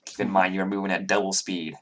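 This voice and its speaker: A man narrating a tabletop game as dungeon master, halting with many ums and restarts. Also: low voice, level tone, slight background noise.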